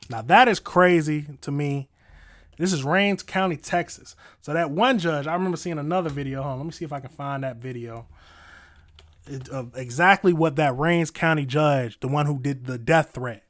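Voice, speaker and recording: A man's voice: mid-range voice, fairly bright tone, no echo, clean studio sound. A man hosting a reaction commentary, exclaiming in disbelief from a home streaming setup on a USB desktop mic. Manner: incredulous, exclaiming. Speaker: commentary host.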